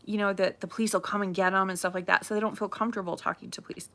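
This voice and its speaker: A woman chatting casually on a livestream, gossipy and animated, repeating herself as she tells a local story. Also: mid-range voice, racing. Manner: chatty, animated, says "craziness" often. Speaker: realtor livestream host.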